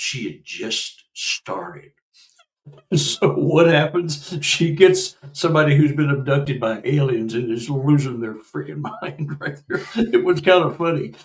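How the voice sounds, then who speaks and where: A man in his sixties, a guest researcher and author, telling a personal story in a casual conversation, animated and laughing as he acts out what people said. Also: medium pitch, unhurried, echoey room, far from the mic, poor audio. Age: 60s.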